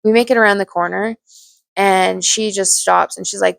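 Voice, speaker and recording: A woman's voice: mid-range voice, steady tone, normal speed, a bit bright, no echo. A young woman telling her own story to camera in a blunt, candid way, swearing freely and restarting her sentences. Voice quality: gravelly vocal fry. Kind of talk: personal storytime monologue.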